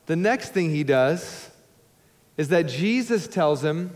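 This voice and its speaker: A male pastor preaching a sermon to a congregation, emphatic and conversational with joking asides, swinging between loud urging and hushed low tones. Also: animated, slow pace. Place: church sanctuary before a congregation. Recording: long hall reverb in a church.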